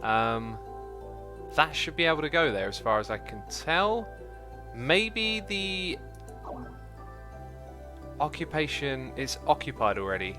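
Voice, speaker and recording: A man hosting a live gameplay stream, chatty and excitable, thinking aloud and reading out chat messages. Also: a little high, takes it slowly, pauses often, music in the background. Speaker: livestream host.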